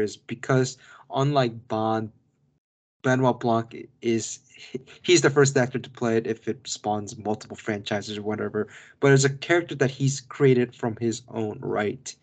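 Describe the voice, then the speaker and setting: A man co-hosting a podcast, chatting casually about a film with many restarts and asides. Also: mid-range voice. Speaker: podcast co-host. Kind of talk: casual film review chat.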